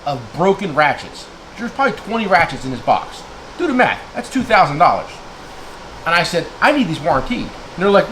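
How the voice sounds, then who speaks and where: A man's voice: on the high side, very animated, brisk, a bit bright, slight background noise, rough recording. A man from New Jersey, a tool dealer, ranting heatedly to his viewers in a blunt, name-calling way, checking in with "okay?" again and again. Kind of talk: heated rant to camera.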